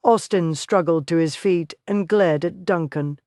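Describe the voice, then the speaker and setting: An audiobook narrator reading a Western romance in steady, even storytelling. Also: medium pitch, measured pace, no echo, clean studio sound.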